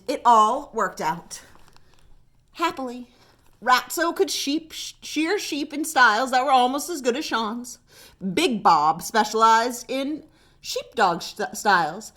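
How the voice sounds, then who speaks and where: A woman librarian with an American accent, reading a picture book aloud at storytime in an expressive way. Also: on the high side, measured pace. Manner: animated, expressive. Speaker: children's librarian.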